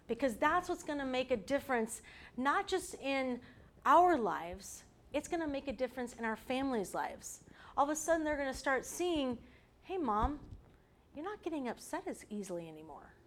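Earnest woman preaching, soft hushed lows. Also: slight background noise. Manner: earnest, drops to a soft hush for emphasis. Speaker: women's ministry speaker. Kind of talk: sermon.

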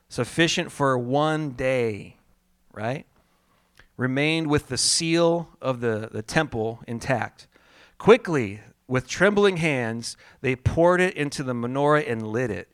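A man's voice: mid-range voice, a bit bright, no room sound, clean studio sound. A man preaching a sermon, calling out for the congregation to repeat after him, laughing often and telling stories with animation. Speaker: pastor.

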